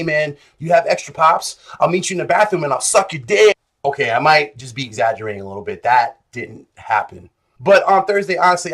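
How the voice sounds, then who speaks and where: Animated, jokey male vlogger. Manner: animated, jokey, swings between loud bursts and low mutters. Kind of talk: casual storytelling vlog.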